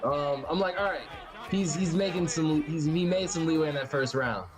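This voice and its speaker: Relaxed co-host, man, high voice, jokey banter. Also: normal speed, crowd noise. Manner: laid-back, joking, laughs often. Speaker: co-host, team captain. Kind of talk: casual commentary chat.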